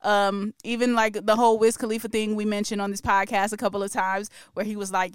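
A woman's voice: medium pitch, little pitch movement, brisk, few pauses, clean tone, no room sound, clean studio sound. A woman hosting a podcast, chatting casually and with strong opinions about music news, laughing often. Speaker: podcast host.

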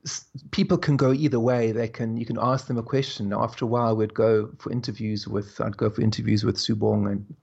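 Husky gravelly guy reflecting slowly, bit dull lo-fi audio. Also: lowish voice, fairly even intonation. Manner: slow, musing, laughs softly between thoughts. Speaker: guest, spiritual teacher. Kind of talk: reflective conversational storytelling.

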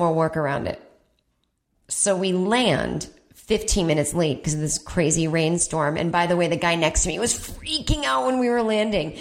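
A woman with a somewhat low-pitched voice rambles through a personal story for her comedy podcast. She swears casually, pokes fun at herself and slips into quick put-on voices for the people she quotes. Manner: chatty, profane, self-mocking, quotes people in put-on voices. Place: at home.

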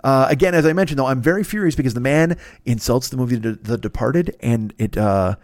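A man's voice: mid-range voice, expressive, brisk, darkish tone, no echo, clean studio sound. A man hosting a podcast, doing rambling, profane, joking ad reads in a casual chat style. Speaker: podcast host.

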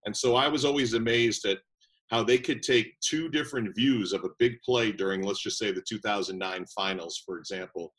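Low-voiced man telling lively stories. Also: fairly quick, rough recording. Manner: lively anecdotal, with quoted voices. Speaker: radio play-by-play announcer. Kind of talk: casual interview storytelling.

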